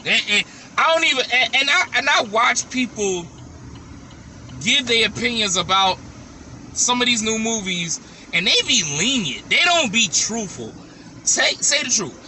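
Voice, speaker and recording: A man with a high, very bright and cutting voice speaks straight to the camera in a casual vlog, blunt and opinionated. He repeats his verdicts again and again for emphasis. Faint traffic hums behind him outdoors. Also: animated, unhurried. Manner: talks straight to viewers. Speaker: vlogger.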